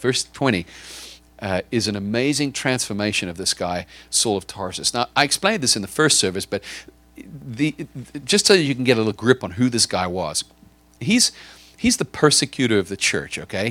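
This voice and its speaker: A man's voice: medium pitch, fairly bright tone, no echo. A man preaching a sermon, acting out a scene in vivid detail and often repeating or stumbling over words as he builds it. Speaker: pastor.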